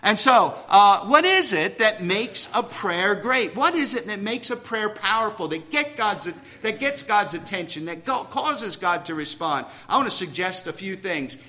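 A man's voice: high voice, lively intonation, a little slow, hardly any pauses, bright, forceful tone. A man preaching a sermon to a congregation in church, conversational, asking questions and joking about himself. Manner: self-deprecating humor.

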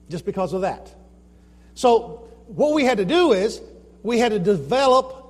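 A man's voice: sits high, a little mellow, big-room sound. A man giving an informal presentation about his Bible translation work, explaining points and asking the audience rhetorical questions. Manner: explanatory, asks rhetorical questions, retells his own anecdotes.

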